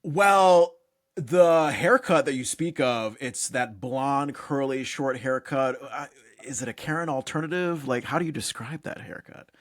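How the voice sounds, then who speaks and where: Brief: male podcast host, mid-pitched, animated and cussing, quick to laugh. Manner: animated, profane, laughs often. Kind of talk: casual chat.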